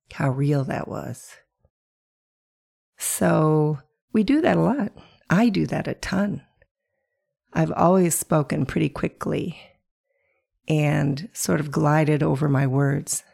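A woman hosting a reflective solo podcast, calm and coaching, sounding hoarse from a chest virus. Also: low voice. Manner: calm, coaching, asks the listener questions. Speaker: podcast host.

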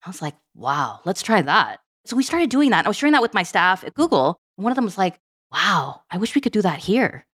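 A woman in her forties talks quickly as a podcast guest. She tells personal stories with animation and acts out her family's voices. Her pitch sits in a middle range. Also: sing-song, fairly bright tone. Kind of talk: storytelling in a podcast interview.

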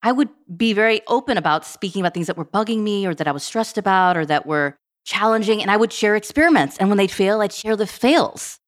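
Woman on a podcast telling stories, talks really fast, lively, acts out the dialogue. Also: mid-range voice. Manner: animated, quick, acts out dialogue. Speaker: podcast guest, tech program director. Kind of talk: casual storytelling.

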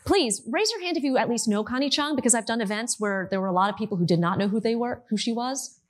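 A woman in her thirties from the United States giving a talk to an audience, telling her story in a lively, animated way. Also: fairly high pitch, fast.

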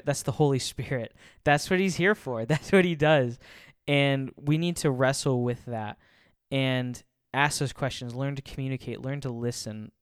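A man's voice: medium pitch, clear, resonant tone, dry recording. Guy rambling thru a faith talk, laughs a lot, dry close sound. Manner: chuckles often, rambles with restarts. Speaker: speaker giving a faith talk.

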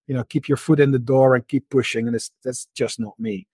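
A man's voice: mid-range voice, fairly even intonation, fairly quick, darkish tone, husky, dry recording. A man in a casual interview, explaining markets at length and often repeating words as he thinks. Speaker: interview guest, market analyst.

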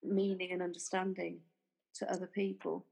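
A woman, telling a story in casual conversation. She acts out the quoted back-and-forth of an argument, talking haltingly, with fillers and restarts. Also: lowish voice, flat delivery, vocal fry, darkish tone, husky, rough recording. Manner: retells arguments by acting out quoted dialogue.

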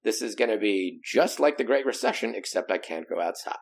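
Animated, gravelly-voiced man telling stories. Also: on the low side, fairly quick. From United States. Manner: animated, acts out quoted voices. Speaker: guest speaker. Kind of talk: casual interview storytelling.

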